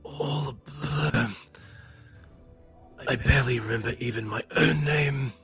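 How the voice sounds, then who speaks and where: A man voicing a feverish, half-conscious man who speaks in a faint, halting, breathy way. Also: mid-range voice, a bit bright, soft background music. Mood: dazed. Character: weak, feverish man faking snakebite collapse.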